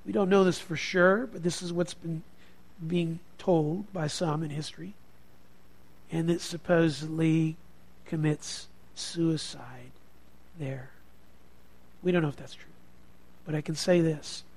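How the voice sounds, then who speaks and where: High-voiced man preaching a sermon. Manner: animated preaching, swinging from quiet to emphatic. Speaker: pastor.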